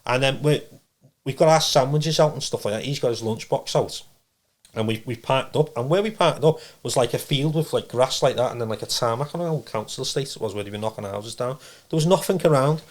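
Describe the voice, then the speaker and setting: Fast, rambling man telling a story, blunt and full of restarts. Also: medium pitch. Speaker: podcast guest, medium. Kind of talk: casual storytelling.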